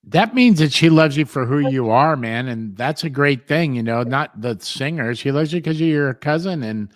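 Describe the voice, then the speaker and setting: A man's voice: medium pitch, lively intonation, normal speed, no echo, clean studio sound. A middle-aged man hosting a talk show, telling rambling stories in casual chat and filling his talk with "man" and "you know".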